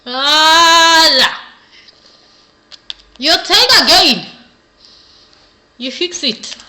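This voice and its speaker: A young woman talks through a joking beauty tutorial in a mock-serious, playful way. Her voice sits high and sounds bright. The room around her is echoey. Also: animated, unhurried. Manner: playful mock-serious, keeps asking "you understand?". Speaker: beauty vlogger. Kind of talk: comedic tutorial.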